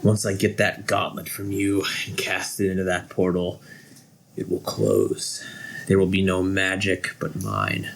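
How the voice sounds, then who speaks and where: A man voicing a power-hungry male sorcerer who claims to be a god, speaking in a smooth, persuasive and menacing way. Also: low-pitched, unhurried, a little hiss or hum, poor audio. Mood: tempting.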